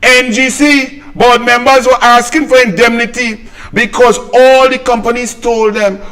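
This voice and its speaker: A man's voice: very high voice, steady tone, measured pace, a bit bright, rough recording. A middle-aged man with a Trinidadian accent, hosting fiery political commentary in an indignant, mocking, rhetorical way.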